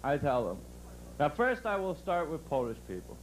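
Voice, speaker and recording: A brash male comedian working a live crowd from a resort club stage. His voice sits fairly high, with punchy delivery. A faint hum lies under the stage microphone. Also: big pitch swings, moderate pace, low-quality recording. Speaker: stand-up comedian.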